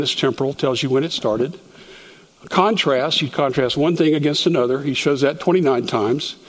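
Chatty man teaching in a reverberant hall. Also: a little high. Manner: chatty, self-deprecating jokes. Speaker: Bible teacher. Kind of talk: Bible study lesson.

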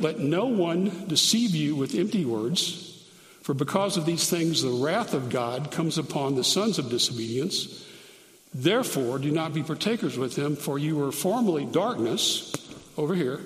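A man teaching through Bible verses, reading scripture slowly and adding grammar notes aloud as he goes. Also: fairly high pitch. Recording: echoey hall, long reverb.

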